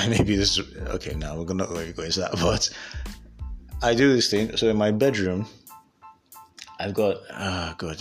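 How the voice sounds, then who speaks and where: A deep-voiced man from Africa talks straight into the mic, pepping up his listeners. He rambles, trips over his own words, and chuckles at himself as he opens up. Faint music plays behind him. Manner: candid, rambling, laughs at himself. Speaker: podcast host. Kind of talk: solo motivational talk.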